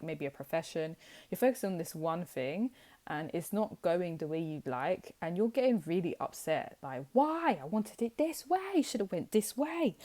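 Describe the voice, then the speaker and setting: A woman's voice: deep voice, darkish tone. A young woman giving a casual tarot reading to camera, blunt and teasing, with lots of filler words. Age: young adult. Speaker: tarot reader.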